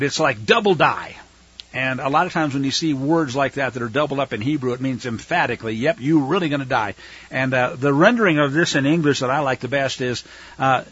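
A man's voice: fairly high pitch, big pitch swings, fairly quick, fairly bright tone, breathy edge. A man teaching through a Bible passage verse by verse, reading it aloud, explaining Hebrew words and adding casual, chatty asides. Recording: dull lo-fi recording.

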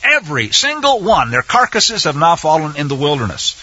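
A man's voice: a little high, sing-song, a little fast, bright, forceful tone, slightly rough. A man teaching a sermon-style Bible lesson. He speaks emphatically, asks rhetorical questions and repeats phrases for effect. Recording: dull, dry lo-fi sound.

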